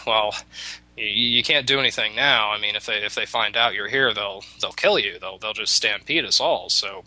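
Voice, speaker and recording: A frightened young chief's daughter from a folk tale, voiced by a man in his own low register. She speaks in a hurried, pleading way. The sound is bright and dry, close up. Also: no room sound, poor audio. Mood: urgent.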